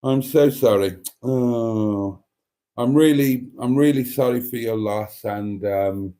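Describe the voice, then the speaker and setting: A middle-aged man hosts a casual livestream, speaking at a slow pace in a medium-pitched, dark-toned voice. He reads viewer comments aloud in a raised voice, answering with mock denials and chatty asides.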